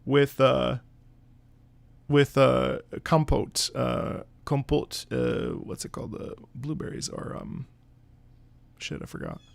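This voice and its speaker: A man's voice: medium pitch, level tone, takes it slowly, gravelly. A man who streams and sings opera, telling a rambling story in casual chat with his audience, with lots of swearing and filler words.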